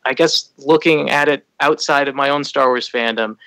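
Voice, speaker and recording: A man's voice: mid-range voice, normal speed, sharp tone, no room sound, poor audio. A man on a fan podcast, talking casually and rambling with many restarts. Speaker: podcast co-host.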